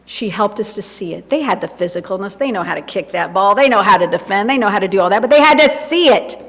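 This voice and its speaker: A woman minister with a mid-range voice, lively intonation and a quick pace delivers an informal, chatty sermon in a church sanctuary. She keeps making asides to herself, and the church hall adds a long reverb.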